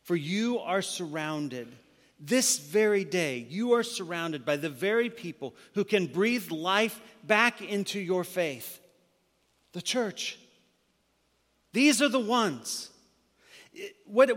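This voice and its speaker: A male pastor preaching a sermon, moving between loud emphatic passages and hushed, near-whispered lines. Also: high-pitched, lively intonation, takes it slowly, in a large hall.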